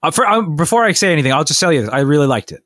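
A man's voice: on the high side, sing-song, racing, fairly bright tone, dry recording, clean studio sound. A man in his thirties co-hosting a podcast, telling a story in a rambling way, full of fillers and laughs. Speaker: podcast co-host. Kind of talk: casual chat.

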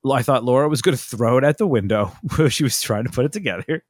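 A man's voice: medium pitch, fast talker, no echo, clean studio sound. A man, chatting casually as a podcast co-host and telling long stories with many restarts and asides. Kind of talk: casual chat.

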